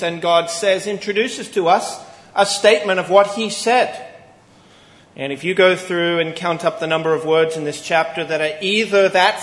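A man preaching a Sunday morning sermon, earnest and emphatic, pausing deliberately on key phrases. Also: high voice, fairly bright tone. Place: church sanctuary. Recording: echoey church hall with long reverb.

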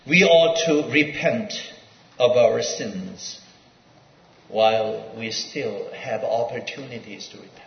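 A male preacher giving a sermon, reading scripture aloud in an emphatic, pausing delivery. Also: mid-range voice, gravelly. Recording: dull echoey hall sound.

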